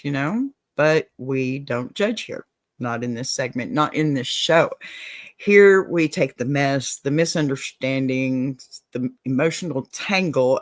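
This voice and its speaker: Casual encouragement fills this advice show from a Southern-accented Texan host whose voice sits at a middle pitch. "Okay?" and "y'all" pop up often, and the sound is close and dry, free of room echo.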